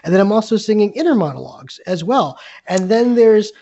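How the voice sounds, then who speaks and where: A man's voice: high-pitched, lively intonation, fairly quick, mellow. Rambling man on a dull podcast mic. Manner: rambling, many restarts, eager. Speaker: podcast co-host. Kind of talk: casual movie podcast chat.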